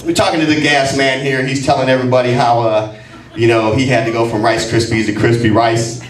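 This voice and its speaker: A man's voice: mid-range voice, level tone, fairly quick. A man in his forties doing a brash, profane, mocking stand-up routine on a comedy club stage. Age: 40s. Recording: echoey club sound from a distant mic.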